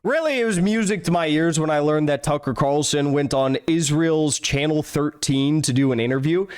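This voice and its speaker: A man's voice: on the high side, moderate pace, smooth. A man hosting political commentary, sarcastic and rambling, full of fillers like "like" and "you know". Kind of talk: casual commentary over clips.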